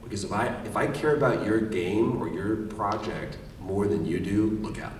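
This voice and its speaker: Middle-aged male panel guest, low-ish voice, lively storyteller who acts out dialogue, distant mic in an echoey hall. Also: normal speed, a little hiss or hum. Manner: animated storyteller, acts out quoted lines. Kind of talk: convention panel talk. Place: large convention hall.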